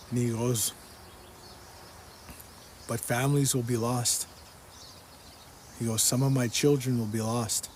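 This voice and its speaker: Man, personal testimony, earnest retelling, repetitive, mid pitch, faint background noise. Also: a little mellow. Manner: earnest, repetitive, quotes the speaker in the dream again and again. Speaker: person giving a religious testimony.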